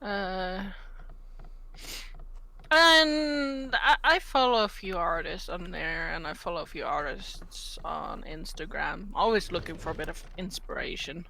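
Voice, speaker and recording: Slow, bright-voiced woman. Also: on the low side, creaky, a little hiss or hum. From Norway. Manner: unhurried and modest, thinking aloud. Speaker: guest artist. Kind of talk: casual interview answers.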